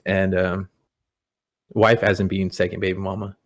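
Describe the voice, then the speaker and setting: Low-voiced man telling stories. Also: little pitch movement, moderate pace. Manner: rambling, repeats words, many "you know"s. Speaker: guest. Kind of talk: casual podcast storytelling. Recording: audio-only podcast.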